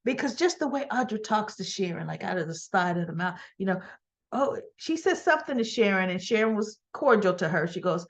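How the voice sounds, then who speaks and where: A woman's voice: medium pitch, expressive, fairly quick, highs cut off. A woman hosting a casual recap show, retelling the scenes in a chatty way and acting out the characters' lines as quotes. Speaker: soap opera recap host. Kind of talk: casual chat.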